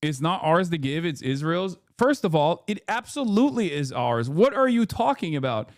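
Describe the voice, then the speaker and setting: A man's voice: on the high side, sing-song, moderate pace, no room sound, clean studio sound. A man in his thirties giving casual live-stream commentary on the news, ranting in a heated, sarcastic and profane way.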